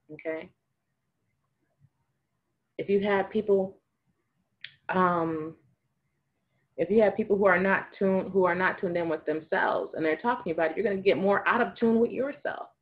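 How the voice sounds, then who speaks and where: A woman with a low voice talks through spiritual advice in a loose, conversational way. She laughs easily and acts out small dialogues to make her points. The recording sounds somewhat dull and lo-fi. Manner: chatty, laughs often, acts out little dialogues. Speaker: spiritual advisor. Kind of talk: casual spiritual advice monologue.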